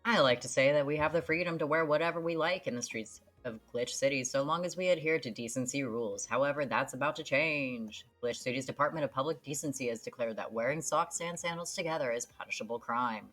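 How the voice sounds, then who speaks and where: A woman's voice: a bass voice, brisk, few pauses, a bit bright, soft background music. A woman putting on a formal newscaster voice while reading game news articles aloud. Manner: formal newsreader delivery. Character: smooth adult female TV newscaster.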